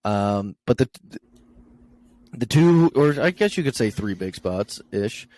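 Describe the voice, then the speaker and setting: A man's voice: mid-range voice, lively intonation, slow pace, darkish tone, no room sound. A young man co-hosting a podcast, casually recapping wrestling shows with lots of fillers and chuckles. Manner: rambling recap with many fillers and laughs.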